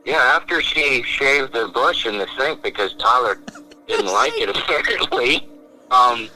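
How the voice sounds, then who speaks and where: A man's voice: mid-range voice, unhurried, sharp tone, low-quality recording. A man hosting a podcast, telling a long story with lots of animation and quoting his friends in different voices. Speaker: podcast host. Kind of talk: casual storytelling chat.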